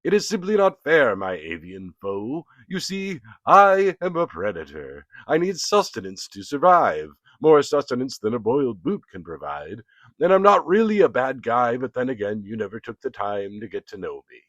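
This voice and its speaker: A man's voice: mid-range voice, big pitch swings, moderate pace, fairly bright tone, no echo, voice pushed up. A man voicing a pompous male cartoon coyote who calls himself a genius, delivering a theatrical performance poem. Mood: aggrieved. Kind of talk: performance poetry. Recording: dull, dry recording.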